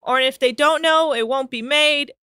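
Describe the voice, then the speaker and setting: A woman's voice: sits high, moderate pace, sharp tone, no echo, studio quality. A woman co-hosting a podcast who chats casually and retells a TV episode, quoting the people in it. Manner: chatty storytelling, quotes people. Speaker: podcast co-host. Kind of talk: casual recap chat.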